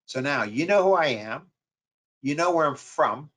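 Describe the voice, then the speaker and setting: A man's voice: on the high side, expressive, moderate pace, a bit bright. A man with a New York accent giving a webinar lecture on sales calls, repeating key points with emphasis. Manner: repetitive, emphatic coaching delivery. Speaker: marketing professor.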